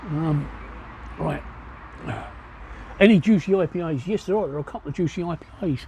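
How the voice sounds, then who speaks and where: A man's voice: fairly high pitch, fairly quick, a little mellow, a little hiss or hum. Rambling, swearing Cockney man. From East London, England. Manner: rambling and blunt, swears freely. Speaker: livestreamer. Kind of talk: casual livestream chat answering viewers. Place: outdoor pub seating by a street.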